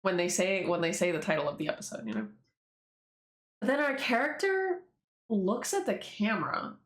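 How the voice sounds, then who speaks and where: A woman with a mid-range voice and huge pitch swings talks at normal speed while reading her own webtoon. She rambles casually, laughs, and swears freely, with echo from the room around her.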